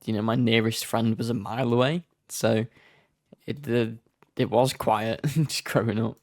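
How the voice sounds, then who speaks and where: A calm young man from England tells stories on a casual podcast. His voice has a gravelly, creaky texture at a mid pitch. The sound is dry and close. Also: measured pace, dry recording. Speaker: podcast co-host. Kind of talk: casual chat.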